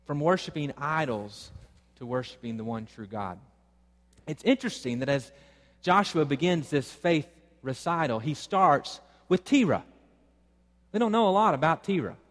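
Male pastor, sermon, fairly high voice, long hall reverb, emphatic repeated questions. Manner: rhetorical questions, emphatic repetition.

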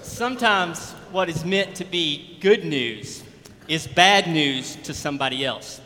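A man's voice: fairly high pitch, a little slow, pushed and bright. A man preaching a sermon as pastor, in a conversational preaching manner that builds through examples. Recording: long hall reverb.

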